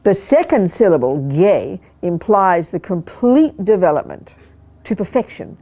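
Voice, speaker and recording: A woman's voice: lowish voice, very animated, unhurried, dark tone. An older woman giving a Buddhist teaching to a live group, emphatic and repeating words for stress, often checking that listeners follow. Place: meditation hall of a study group.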